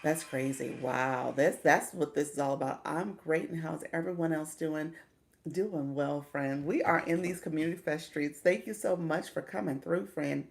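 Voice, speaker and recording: A middle-aged woman hosting a live stream in a relaxed, chatty way. Her voice sits low and has a gravelly edge. She greets viewers by name and laughs easily as she explains things. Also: normal speed. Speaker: livestream coach. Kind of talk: casual live stream chat.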